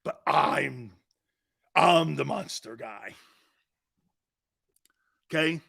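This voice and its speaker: A middle-aged man hosting a sports talk show, brash and jokey, loud and given to repeating himself. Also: medium pitch, slow pace, creaky, long pauses, slightly rough.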